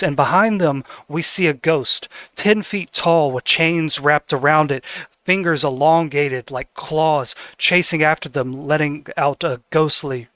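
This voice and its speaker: A man's voice: a little high, a little slow, pushed and bright, no room sound, clean studio sound. A man narrating as game master of a tabletop game, setting scenes with descriptive narration and fillers.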